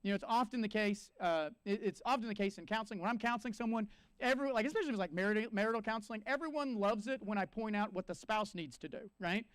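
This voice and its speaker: A pastor delivers his sermon with a strikingly high voice. He preaches in an animated way, slipping into quoted voices to drive points home. The sound is dry and close. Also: fast, smooth, no room sound. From United States.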